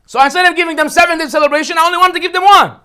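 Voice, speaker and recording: A man's voice: very high-pitched, fairly even intonation, rapid-fire, sharp tone, pitched above the performer's own voice. A man playing a boastful, wicked ancient villain in a comic retelling during a lecture. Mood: gloating. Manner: gloating, indignant.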